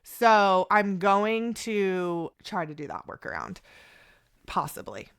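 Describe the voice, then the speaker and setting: A woman's voice: mid-range voice, takes it slowly, creaky, smooth. A woman in her thirties, a podcast guest, telling a story in casual chat and acting out the conversations she quotes. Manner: animated, quotes conversations in voices.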